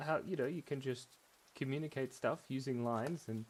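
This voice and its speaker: A man's voice: medium pitch, normal speed. A man hosting a live drawing stream from a room at home, chatting in a playful, giggly way and telling silly stories. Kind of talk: casual rambling chat while drawing. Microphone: headphones on, desk mic.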